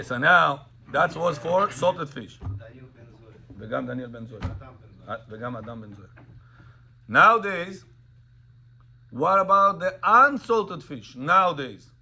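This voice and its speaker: A man leads a Torah class, his voice pitched a little high and bright with a forceful edge. He quizzes the room and tells animated stories, slipping between languages as he goes. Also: slight background noise. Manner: animated storyteller, quizzes students, mixes in Russian and Hebrew. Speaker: rabbi teaching a class. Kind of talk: Torah class on Sabbath laws. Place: classroom with students.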